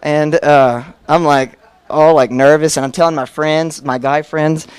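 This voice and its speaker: A man's voice: on the high side, fairly even intonation, a little slow, clear, resonant tone, no echo. A young man preaching a personal testimony, telling his story candidly and acting out the dialogue, with many fillers.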